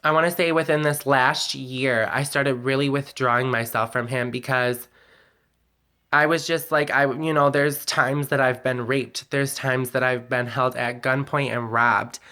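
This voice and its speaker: A man's voice: medium pitch, steady tone, unhurried, pushed and bright. Emotional, candid man venting on camera. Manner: candid and emotional, rambling with many "like"s and some swearing. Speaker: vlogger. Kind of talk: personal confessional vlog.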